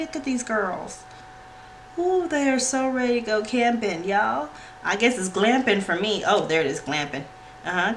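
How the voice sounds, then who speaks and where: A woman hosting a planner unboxing vlog, gushing and squealing with excitement. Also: on the low side. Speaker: planner channel host. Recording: noisy home recording with clicks.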